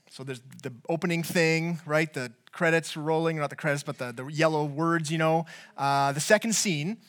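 A man giving a sermon in a conversational, storytelling way, with frequent restarts and a voice that gets louder when he quotes someone. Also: fairly high pitch. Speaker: preacher.

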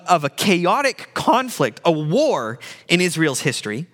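A man preaching a sermon, animated, often repeating words as he goes and acting out the quoted lines. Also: high-pitched, big-room sound. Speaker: pastor.

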